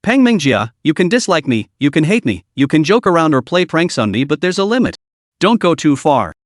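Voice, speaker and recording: A proud, hot-headed young man, read by a male narrator who argues with rising indignation. The voice is fairly high and lively in pitch, recorded dry and close. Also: a little fast, no echo. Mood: furious. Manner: angry and indignant.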